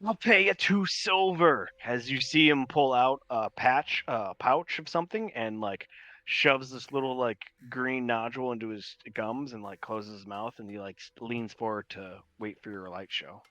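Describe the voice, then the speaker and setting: A man's voice: mid-range voice, steady tone, moderate pace, sharp tone, dry recording. A man narrating as game master in a tabletop game, rambling and filler-heavy.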